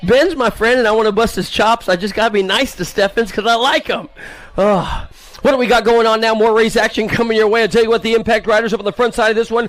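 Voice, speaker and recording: Hyped American BMX race announcer. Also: male voice, very high-pitched, fairly even intonation, a bit bright. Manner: fast, hyped, teasing riders by nickname. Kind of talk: live sports commentary.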